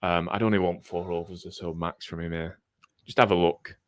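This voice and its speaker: A man's voice: sits low, fairly even intonation, brisk, dry recording, studio quality. A man co-hosting a live cricket watchalong, chatting casually and thinking aloud with frequent ums. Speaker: cricket podcast co-host.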